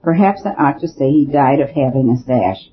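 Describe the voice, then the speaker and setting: A man's voice: mid-range voice, expressive, moderate pace, natural voice. A man reading a musing little priest detective. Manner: hesitant, musing, careful. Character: small, thoughtful male priest detective, quietly curious. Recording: dull lo-fi recording with faint hiss.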